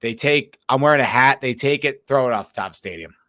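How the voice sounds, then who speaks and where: A man's voice: mid-range voice, a little fast, no room sound, studio quality. A man co-hosting a casual podcast, telling a long story with lots of swearing and laughter. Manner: animated storyteller, swears often, laughs through his telling. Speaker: podcast co-host.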